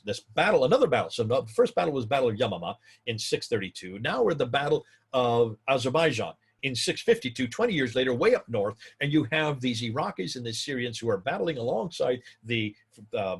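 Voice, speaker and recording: A man lectures in a husky voice whose pitch rises and falls dramatically. Speaking emphatically and directly to viewers, he repeats his points and builds to excited peaks.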